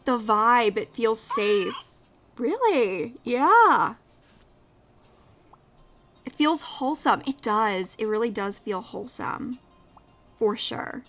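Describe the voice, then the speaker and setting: A young woman hosting a casual live podcast, effusive and quick to laugh as she asks her guests questions. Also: on the high side, big pitch swings, faint music behind. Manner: warm, effusive, laughs often. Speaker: podcast host.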